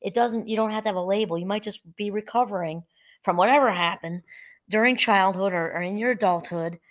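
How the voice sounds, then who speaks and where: A woman's voice: medium pitch, a little fast. A woman hosting a solo podcast on mindfulness, talking casually with asides and restarts, now and then reading passages aloud from a book. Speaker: podcast host. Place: home.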